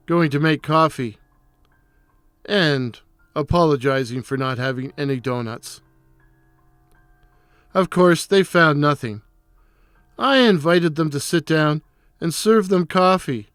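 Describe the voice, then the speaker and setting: Slow, brooding horror storyteller. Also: medium pitch, no room sound, clean studio sound. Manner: slow, brooding, theatrical delivery. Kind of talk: dramatic first-person horror storytelling.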